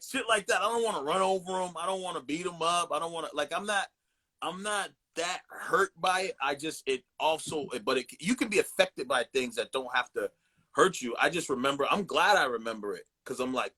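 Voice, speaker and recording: A man in his forties talks as a podcast guest, with a bright, forceful voice that sits a bit high for a man. He tells loose, profane stories with lots of animation and impressions. It is easygoing, casual chat. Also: a little fast, slightly rough. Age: 40s.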